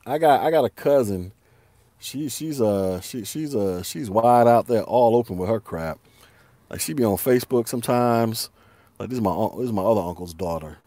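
Fairly low-pitched and dark in tone, this man talks at a moderate pace as he rants alone on his podcast. He uses heavy slang, laughs frequently and repeats himself, and there is no echo.

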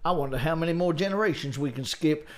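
A man's voice: a little high, fast talker. An Australian man co-hosting a comedy podcast, bantering playfully with mock-grand flourishes.

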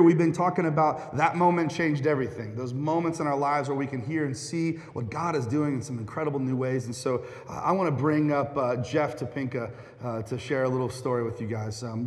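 A man, a pastor speaking casually with fillers as he introduces a guest at a church service. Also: mid-range voice. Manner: relaxed, folksy, with fillers. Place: church sanctuary. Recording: echoey church hall.

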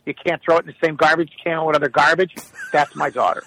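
A man ranting comically about his young daughter, animated and profane, full of exasperation. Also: fairly high pitch, fast, gravelly, slight background noise, low-quality recording. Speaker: guest telling stories about his daughter. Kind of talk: comedic casual storytelling.

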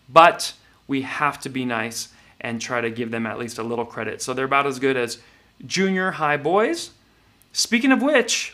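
A man with a high, bright and forceful voice hosting a comedic commentary show. He talks in a sarcastic, mocking way and lands his lines with punch. He keeps a steady, ribbing tone throughout. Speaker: host of a political commentary show.

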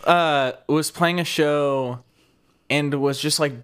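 A man's voice: on the high side, steady tone, slow, heavy background noise. A man co-hosting an improv podcast, telling stories in a dry, laid-back way. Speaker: podcast co-host. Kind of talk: casual chat.

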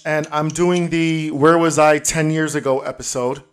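A man's voice: fairly high pitch, measured pace, hardly any pauses, smooth. Man, playful podcast host. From Brooklyn, New York. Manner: playful, teasing, loud and animated. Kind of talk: casual podcast chat.

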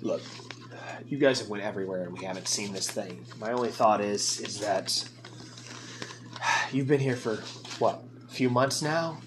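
A man voicing a gruff male orc leader who speaks in grave, clipped commands, with faint buzzing behind him. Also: fairly low pitch, a little slow, pauses often, noisy background, pitched below the performer's own voice, natural voice. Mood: stern.

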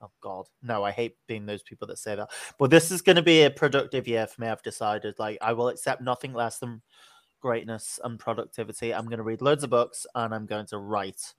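A man's voice: mid-range voice, a little fast, no room sound. A man co-hosting a casual podcast from his desk at home, playful and giggly, teasing and rambling. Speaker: podcast co-host. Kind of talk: casual chat.

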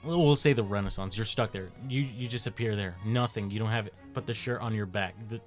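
A man's voice: fairly low pitch, brisk, soft background music. A young man co-hosting a casual podcast chat, prodding with questions and teasing his friend. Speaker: podcast co-host.

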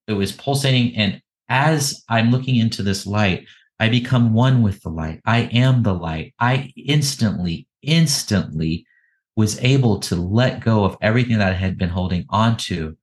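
A podcast guest, a man, telling a personal story in an emotional, halting way, often repeating words and laughing between phrases. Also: fairly low pitch, low-quality recording.

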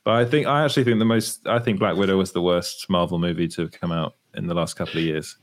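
Chatty lower-voiced man, laughing easily. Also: fairly even intonation, fast. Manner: chatty, laughs often, restarts sentences. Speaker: podcast co-host. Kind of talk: casual chat.

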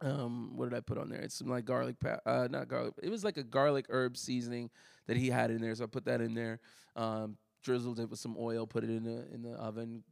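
A man in his thirties telling lively stories in casual chat, laughing often as a co-host. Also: mid-range voice, a little fast, vocal fry, dry recording, studio quality. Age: 30s. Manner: animated storyteller, laughs often.

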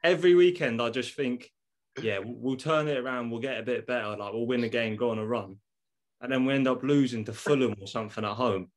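A man's voice: mid-range voice, brisk. A man from Jersey, a guest on a football podcast, talking in an easygoing, casual way. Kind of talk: casual chat.

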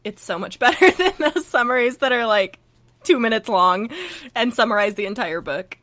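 Sarcastic young woman cohost, bright high-ish voice, laughs a lot. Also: lively intonation, moderate pace. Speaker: podcast co-host. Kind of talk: casual chat.

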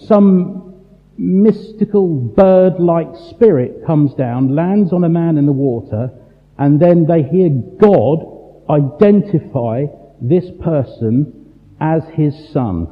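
A man delivers a sermon, full of rhetorical questions and dramatic pauses. His voice sits a touch high and moves in big, lively swings at an unhurried pace. The sound is thin and phone-like, with a long reverb trailing off the walls of a large hall. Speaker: preacher.

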